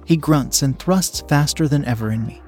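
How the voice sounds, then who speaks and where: A man calmly narrating a first-person story in an even reading voice, at times hushed. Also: fairly high pitch, moderate pace, faint music behind.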